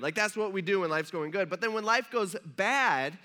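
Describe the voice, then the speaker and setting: A man's voice: sits high, moderate pace, hardly any pauses, pushed and bright. A man, a pastor, giving a conversational, joking sermon in a church and asking the audience questions.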